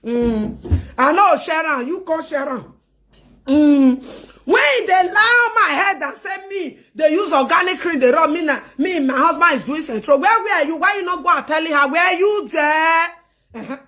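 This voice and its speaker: A woman with a Nigerian accent hosting a live-stream gossip show, talking in an animated, emphatic way and often raising her voice. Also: high-pitched, normal speed.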